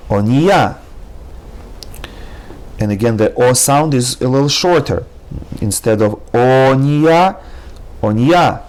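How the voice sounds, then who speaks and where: A man's voice: fairly low pitch, darkish tone. A man teaching a language lesson, patiently explaining each point and repeating every word several times. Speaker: Hebrew teacher. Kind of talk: slow, careful language lesson.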